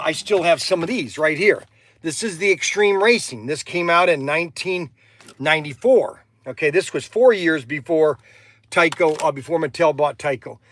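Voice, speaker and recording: A middle-aged man hosting a livestream from his toy shop, chatting casually in a loud voice that keeps repeating itself and is full of "okay"s. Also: a little high, no echo. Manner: loud, repetitive, peppers talk with "okay".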